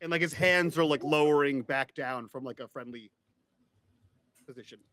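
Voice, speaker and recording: A man playing a tabletop game, hesitant and halting with lots of fillers. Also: fairly high pitch, fairly bright tone. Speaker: player. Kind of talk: casual tabletop role-play.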